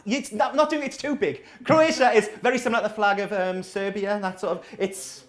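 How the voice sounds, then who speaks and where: A man's voice: high-pitched, fairly even intonation, a little fast. A man in his thirties doing a rambling, self-deprecating, sweary stand-up set as the comedian. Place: small coffee shop venue, indoors. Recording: echoey small room.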